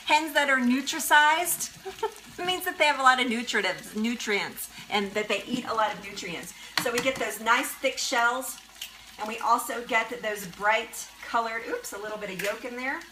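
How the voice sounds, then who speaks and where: Her voice on the high side and her pace moderate, a woman hosts a live kitchen cooking demonstration at the stove. The background is noisy with a sizzling frying pan, and she's chatty, bubbly, and quick to laugh as she talks to viewers.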